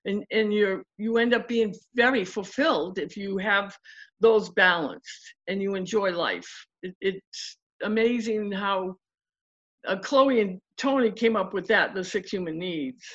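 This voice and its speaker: In a casual interview, a woman relationship coach with a medium-pitched voice speaks at a measured pace, though the audio sounds dull. She's animated, telling stories and acting out what her clients said.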